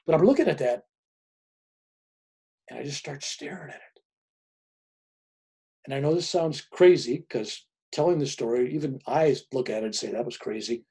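A man in his seventies, a spiritual author appearing as a guest, who tells stories in an animated way and chuckles as he goes. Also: a little high, normal speed, pauses often, slightly rough. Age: 70s. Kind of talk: casual storytelling.

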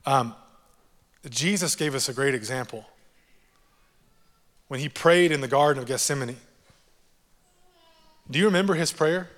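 Animated pastor preaching in an echoing hall. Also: male voice, medium pitch, unhurried, pauses often. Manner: animated, jokey, repeats key phrases for emphasis. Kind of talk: sermon.

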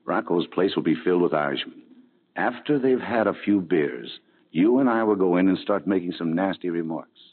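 Sly schemer, deep husky voice, tinny old radio. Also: male voice, expressive, moderate pace. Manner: sly, conspiratorial. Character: scheming small-time man, sly and smug. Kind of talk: 1940s radio acting.

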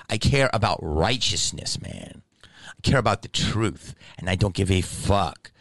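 A man hosting a comedy podcast, telling a story in a profane, heated rant that swings from mumbled asides to shouting. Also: deep voice, animated, measured pace, no echo.

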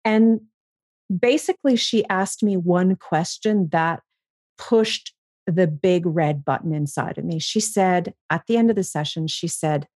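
A woman's voice: lowish voice, unhurried, no echo, studio quality. A woman guest telling her story frankly in an interview, swearing freely and acting out her own past thoughts. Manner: frank, profane, animated when quoting herself. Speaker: podcast guest.

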